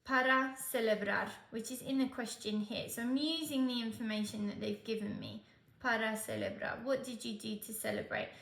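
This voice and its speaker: In a roomy-sounding space, a patient woman tutors Spanish for an exam, her fairly high voice steady, moderately paced, a bit bright and touched with vocal fry. She walks through each step and checks in with "okay?"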